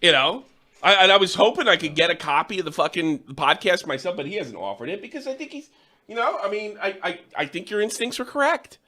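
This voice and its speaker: A man's voice: high-pitched, sing-song, brisk, pushed and bright. A man in a casual podcast chat, talking frankly and rambling a little, heard as a clip played from another show. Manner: frank, rambling, laughs along. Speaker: podcast co-host.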